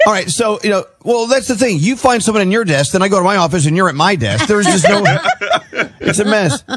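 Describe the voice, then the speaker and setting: A man's voice: high-pitched, a little fast, no room sound, studio quality. A man hosting a morning radio show, joking with co-hosts and reading segments. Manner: lively, joking, reads ads.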